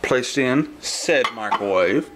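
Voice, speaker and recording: A man's voice: medium pitch, expressive, slow pace. A man hosting a casual home cooking video, rambling with lots of fillers and restarts in his kitchen. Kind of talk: casual cooking vlog talk. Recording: noisy home kitchen recording. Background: clattering dishes and cutlery.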